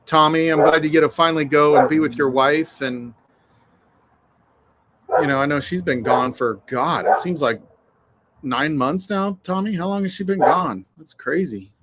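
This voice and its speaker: A livestream host with a fairly high-pitched voice chats casually at normal speed while outside on a windy afternoon. Relaxed and quick to swear, he welcomes viewers by name.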